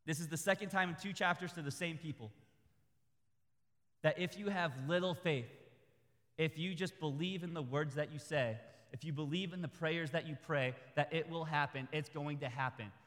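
A man preaching a sermon in a conversational, humorous way that builds to loud, high peaks. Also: normal speed, big-room sound.

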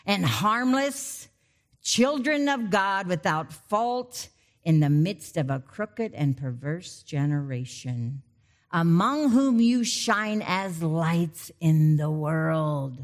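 A middle-aged preacher, a woman with a rather low voice, gives a sermon full of conversational digressions. She drifts into animated asides and personal tales, then picks the text back up.

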